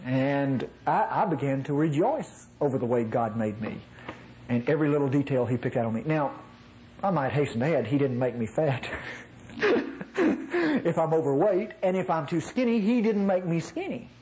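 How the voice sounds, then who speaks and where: A nasal-voiced man from North Mississippi delivers a conversational sermon in a homey style. His pitch swings widely as he drives points home, and he laughs easily. A faint hum of background noise sits under the voice. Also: moderate pace, poor audio. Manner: folksy, chuckling asides, animated emphasis. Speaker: preacher.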